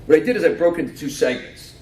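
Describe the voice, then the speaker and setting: A man's voice: a little high, fast. Guy presenting at a conference, playful, quizzes the crowd, roomy echo, sounds far off from the mic. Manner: lively, joking, quizzes the audience. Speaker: conference speaker. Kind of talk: conference talk. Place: conference room. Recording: echoey hall from far off, faint noise.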